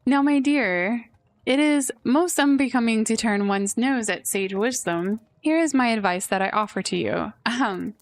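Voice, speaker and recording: A grandiloquent, condescending sage from a video game, as a woman reads him aloud. The lines come slowly and with airs. The voice sits fairly high. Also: close to an everyday voice. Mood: pompous. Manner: grandiloquent, condescending, drawn-out delivery. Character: pompous theatrical tea-drinking advice giver.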